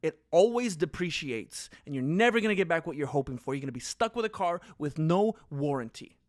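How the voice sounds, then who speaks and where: Man doing a slick car salesman: slow, deliberate, persuasive, with a dry, close sound. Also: on the high side, animated, no room sound, natural voice. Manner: smooth, deliberate sales patter. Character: persuasive adult male car salesman pitching a lease.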